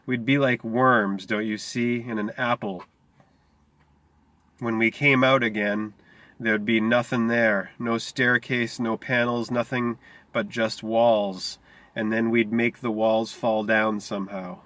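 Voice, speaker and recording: A quiet, intense teenage gang boy, voiced lightly by a man reading a story aloud. He speaks low and measured, with a brooding steadiness. The voice stays in an everyday middle register. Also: level tone, dry recording.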